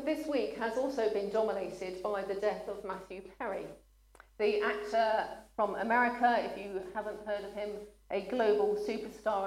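A woman's voice: mid-range voice, a little mellow. A woman preaching a sermon, speaking earnestly and at times choking up and apologizing. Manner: earnest, gets emotional and pauses to apologize. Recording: echoey room.

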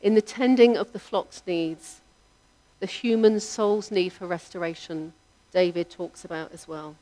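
A woman preaching a sermon, in a measured, reflective delivery whose line ends trail off softly. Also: on the low side, fairly even intonation.

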